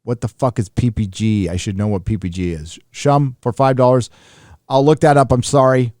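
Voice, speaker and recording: A man hosts a live stream and reads out viewer messages in a casual, rambling way. He swears freely and trails off into fillers and restarts. His voice sits at a middle pitch and the sound is dry, with no room echo. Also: steady tone, normal speed, darkish tone. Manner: loose and profane, with many fillers and restarts.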